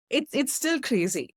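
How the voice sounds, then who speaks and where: A woman's voice: sits high, breathy edge, no room sound, studio quality. A woman co-hosting a casual podcast, telling stories animatedly and laughing often. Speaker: podcast co-host. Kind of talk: casual chat.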